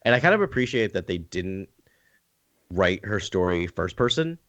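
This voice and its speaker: A man's voice: low voice, sing-song, moderate pace, a bit bright, no echo. Rambling man with a dry close sound. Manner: rambling, lots of fillers and restarts. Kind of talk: casual chat.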